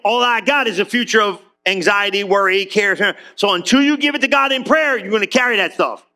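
A man preaching an animated sermon in a casual, joking way, acting out prayers and swinging between high excited lines and low soft ones. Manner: conversational preaching with acted-out prayers and humor. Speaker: pastor.

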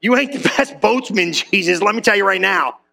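High, gravelly, animated male preacher. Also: a little fast, faint music behind. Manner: animated storytelling with character voices; casual slang-heavy delivery. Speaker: pastor. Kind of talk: sermon.

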